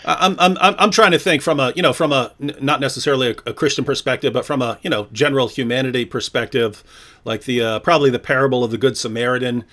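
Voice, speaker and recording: A man's voice: medium pitch, fairly even intonation, pushed and bright. A man co-hosting a live stream, chatting casually, telling stories and teasing. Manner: chatty, storytelling, quick to mock.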